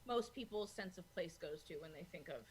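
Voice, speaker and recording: A woman's voice: on the low side, expressive, a little fast, breathy edge. A woman co-hosting a film podcast, talking casually with many filler words. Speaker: podcast co-host.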